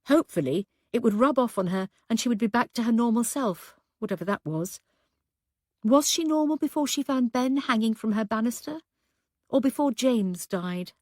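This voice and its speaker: A woman narrating an audiobook in a measured, even storytelling manner, recorded close to the mic. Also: a little high, no room sound.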